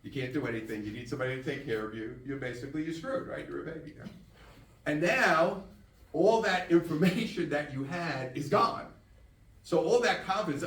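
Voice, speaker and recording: A man in his sixties giving a casual, animated live talk to an audience as a spiritual teacher. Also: on the high side, moderate pace. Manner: casual, storytelling, animated with laughs and acted-out quotes. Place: room with an audience. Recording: roomy echo, mic at a distance.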